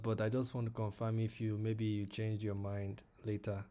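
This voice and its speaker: A man's voice: lowish voice, completely flat delivery, normal speed, warm tone. A man commenting live on his forex trades, repeating himself and talking to viewers in the chat and to the price itself. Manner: repeats phrases, many fillers. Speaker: forex trading streamer. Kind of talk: live trading stream commentary.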